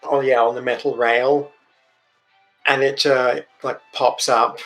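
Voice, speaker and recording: A man narrating a tabletop game as game master, halting and searching for words as he describes things. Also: mid-range voice, flat delivery, fairly bright tone, soft background music, low-quality recording.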